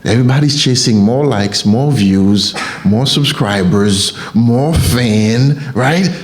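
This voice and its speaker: A man's voice: on the low side, takes it slowly. A man from Haiti with a Haitian accent, giving an emphatic motivational sermon and repeating key phrases for effect. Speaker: motivational speaker.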